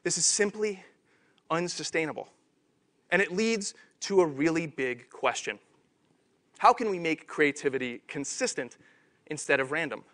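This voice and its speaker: A man giving a conference keynote talk on stage, animated and self-deprecating. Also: a little high, moderate pace, pauses often. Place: conference stage before an audience.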